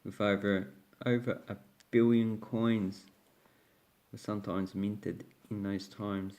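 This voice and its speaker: Man, Australian accent, lowish pitch, casual rambling talk, uh fillers, self-corrections. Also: level tone, slow, a little mellow. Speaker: coin collecting channel host. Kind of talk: casual coin collecting talk.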